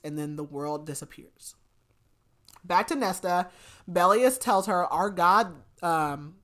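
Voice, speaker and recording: This woman co-hosts a podcast, chatting casually as she recaps a book and retells its story with plenty of filler words. Her voice is fairly low in pitch with a fairly bright tone.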